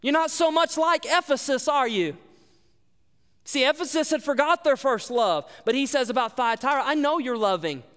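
A man's voice: very high voice, expressive, normal speed, a bit bright, long reverb tail. A male pastor delivering a sermon, emphatic and repetitive, asking the congregation rhetorical questions.

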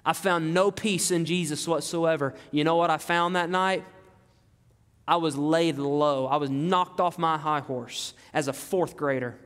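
A man's voice: a little high, unhurried, fairly bright tone, clear, resonant tone. A man preaching a sermon as pastor, emphatic and repetitive, asking his listeners rhetorical questions. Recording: long hall reverb.

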